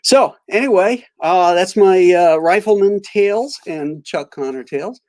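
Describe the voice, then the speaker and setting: A middle-aged man hosts a live stream, telling a rambling story full of halting restarts and reading chat greetings aloud. His voice is high-pitched and animated, with a darkish tone.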